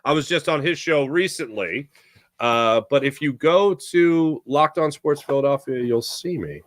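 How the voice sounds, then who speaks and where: A man's voice: a little high, measured pace, dry recording. A young man hosting a live sports talk stream, rambling and reading viewers' comments aloud. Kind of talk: casual live-stream chat.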